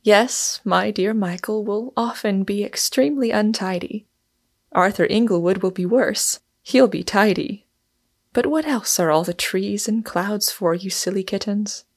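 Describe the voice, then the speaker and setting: A cheerful, plain-spoken young wife who answers briskly and with easy heartiness, as a woman reads her lines. The voice has a gravelly texture and sits at the reader's own middle pitch.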